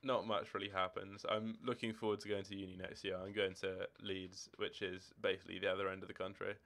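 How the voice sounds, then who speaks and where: A young man of eighteen talks casually on a game stream, wandering from one answer to the next. His voice sits a little low and sounds smooth and clean. He is from Scotland. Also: little pitch movement, fairly quick, a bit bright. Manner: rambling, chatty, answering chat questions as they come. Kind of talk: casual live-stream chat. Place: home room with football shirts and drawers.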